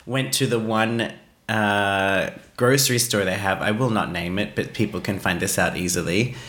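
Low-voiced man telling a wild story. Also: moderate pace. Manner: animated, self-mocking, laughs at his own story. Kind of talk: casual storytelling chat. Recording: roomy echo.

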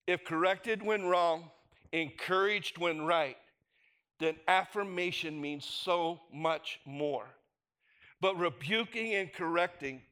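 A man's voice: high-pitched, pushed and bright. A middle-aged man preaching a sermon in a conversational way, asking the congregation rhetorical questions. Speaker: pastor.

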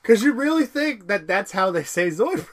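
A man's voice: high-pitched, normal speed. A man co-hosting a podcast, rambling through a casual episode recap with many fillers and laughs. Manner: rambling, with many fillers and laughs, bursts into excited character quotes. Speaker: podcast co-host.

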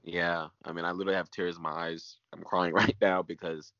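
Deep-voiced earnest pastor, muffled audio. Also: male voice, little pitch movement, a little fast, bright, forceful tone, dry recording. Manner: earnest, repeats phrases, voice drops to near whisper at times. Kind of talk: emotional personal testimony.

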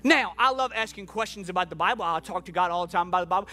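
In a church hall serving both in-person and online worshippers, a pastor delivers a sermon in a high, bright voice. He talks rapid-fire with few pauses, swinging between quiet reflection and passionate shouted pleas while soft music plays beneath.

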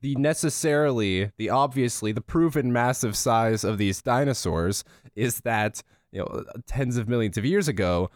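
A man's voice: medium pitch, dry recording, clean studio sound. A man co-hosting a casual chat, presenting odd theories with many restarts and stifled laughs. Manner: halting, many restarts, laughs mid-sentence. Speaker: podcast co-host presenting theories.

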